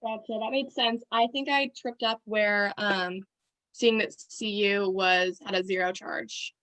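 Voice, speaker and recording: A woman's voice: mid-range voice, steady tone, unhurried, fairly bright tone, rough recording. A woman student on an online class call, agreeing and thinking aloud about her mistake.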